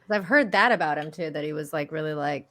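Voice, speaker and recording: A woman's voice: deep voice, fast, fairly bright tone. A woman guest in casual podcast chat, chatty and full of fillers.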